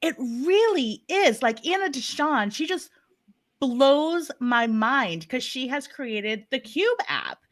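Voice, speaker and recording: A woman with a Boston accent leads a virtual panel in a bright, forceful voice that sits a little high. She talks emphatically and playfully, and her voice carries the flat sound of a video call. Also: slow pace. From Massachusetts. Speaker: panel moderator.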